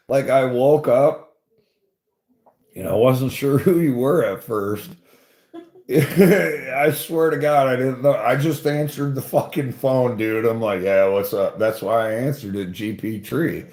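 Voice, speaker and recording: A man's voice: mid-range voice, warm tone. A man telling a rambling, profane story in casual chat, laughing often and swearing freely. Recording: roomy echo.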